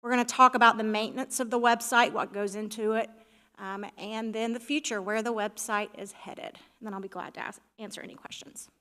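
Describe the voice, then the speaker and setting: A woman's voice: a little high, fairly even intonation, a little fast, sharp tone. A woman on the village staff presenting a website report to the council in an organized, friendly, explanatory way. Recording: reverberant meeting hall.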